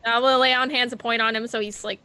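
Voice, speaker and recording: A woman playing a tabletop game, brisk and chatty. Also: fairly high pitch, steady tone, sharp tone, smooth, no echo. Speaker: player.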